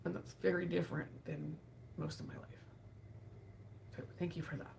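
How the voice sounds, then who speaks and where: A woman hosting a live session, speaking in a soft, emotional way with sighs and pauses while tearful. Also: low voice, little pitch movement, vocal fry, slight background noise. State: tearful, grieving. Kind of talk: reflective live talk.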